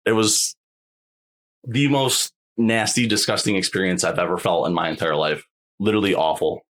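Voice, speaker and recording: A man's voice: sits low, normal speed, a bit bright. A young man, a podcast guest, telling a personal story in a rambling, casual way, full of fillers and checking in with the listener.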